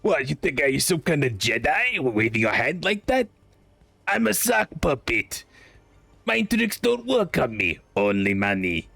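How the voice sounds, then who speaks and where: A man's voice: medium pitch, very animated, unhurried, vocal fry, pushed and bright, no room sound, faint music behind, pitched above the performer's own voice, heavily acted. A man voicing a greedy, money-hungry male alien junk dealer, scoffing at a mind trick. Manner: haggling, dismissive, accented put-on. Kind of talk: streamer impression.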